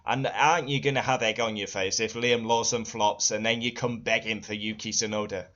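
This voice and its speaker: A man's voice: fairly low pitch, steady tone, a little fast, pushed and bright. A young man ranting angrily and profanely as a motorsport fan vlogger, hammering the same complaints over and over. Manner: furious, profane, repetitive outbursts. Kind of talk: angry ranting vlog. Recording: dull lo-fi audio.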